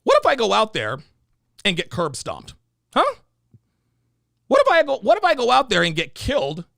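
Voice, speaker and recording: A male livestream host giving profane, animated commentary on videos, reading out viewer donations and telling stories. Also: sits high, vocal fry, no room sound, clean studio sound.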